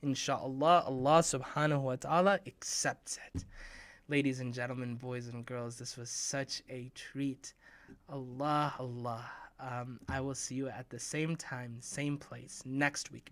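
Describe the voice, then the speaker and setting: A playful man hosting a children's show, talking right to the kids at a mid pitch. He often drops to a hushed half-whisper, then jumps into excited high shouts. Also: measured pace, no echo, studio quality. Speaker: host of a children's program. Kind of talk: talk to children.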